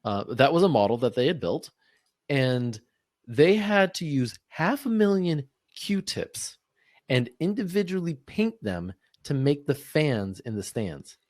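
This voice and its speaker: A man's voice: on the high side, sing-song, measured pace, a little mellow, no room sound, studio quality. A man co-hosting a podcast, chatting casually, laughing often and telling stories with animation. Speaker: podcast co-host. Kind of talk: casual chat.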